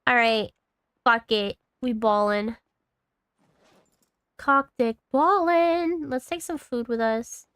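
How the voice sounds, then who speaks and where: A woman's voice: fairly high pitch, fairly even intonation, a little slow, bright, forceful tone, clean tone, dry recording, clean studio sound. A woman in her thirties streaming a game, rambling casually to herself and her chat and swearing freely. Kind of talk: casual gaming commentary.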